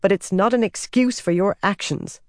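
A man voicing a stubborn young woman healer who speaks in a sharp, indignant, pleading way, with the voice raised well above his own. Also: high-pitched, normal speed, no echo, studio quality, pitched above the performer's own voice. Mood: angry, indignant.

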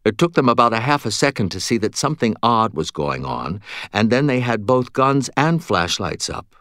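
A man reading an audiobook in first person with expressive, wry storytelling. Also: mid-range voice, moderate pace, no room sound, clean studio sound. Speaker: audiobook narrator.

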